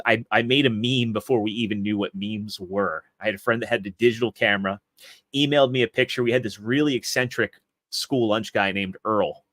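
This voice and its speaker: A man in his thirties, a guest on a casual podcast, telling stories about his life in a rambling way and often restarting his sentences. His voice is fairly low, and the sound is dry and close. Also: a bit bright, no echo. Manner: rambling storyteller with frequent restarts. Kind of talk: casual interview chat.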